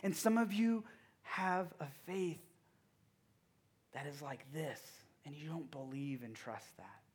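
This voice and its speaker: Male youth pastor, a bit high-pitched, direct and engaging, and he drops to a hush at times. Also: slow, breathy edge. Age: young adult or middle-aged father of a toddler. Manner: engaging, asks the audience direct questions; swings between loud emphasis and hushed, quiet moments. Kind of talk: sermon.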